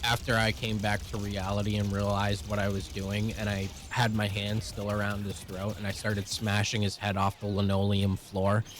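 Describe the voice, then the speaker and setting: A young man telling a personal story in blunt, profane, rapid-fire language. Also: lowish voice, completely flat delivery, noisy background. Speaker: vlogger.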